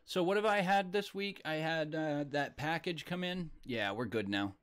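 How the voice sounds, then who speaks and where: A man hosting a casual live stream, chatting loosely and reading viewer comments out loud. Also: fairly high pitch, moderate pace, slight background noise. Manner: laid-back, reads viewer comments aloud.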